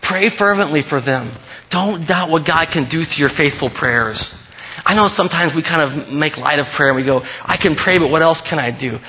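A man's voice: a little high, normal speed, bright, forceful tone, lo-fi sound. A man preaching a sermon as pastor, earnest and emphatic, often repeating key phrases.

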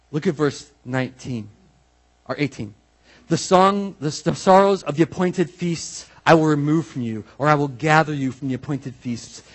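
A man preaching a sermon as pastor, animated and conversational, with many asides and repeated phrases. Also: mid-range voice, husky.

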